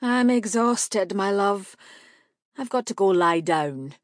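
A woman's voice: medium pitch, expressive, slow, no echo, studio quality. A woman voicing a young male magician, tired and jumpy. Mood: weary.

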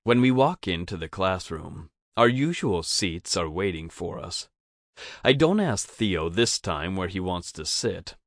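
Man, audiobook narrator, first person, very deep voice, unhurried, steady, dry close sound. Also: no room sound.

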